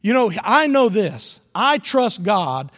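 A man's voice: high voice, big pitch swings, slow, a bit bright, in a large hall. A man preaching a sermon as pastor, with emphatic repetition of key phrases. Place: church sanctuary.

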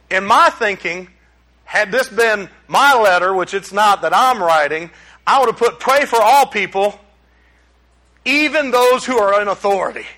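A middle-aged pastor, preaching a sermon in a folksy, emphatic way that climbs into exclamations. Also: male voice, high-pitched, bright, forceful tone.

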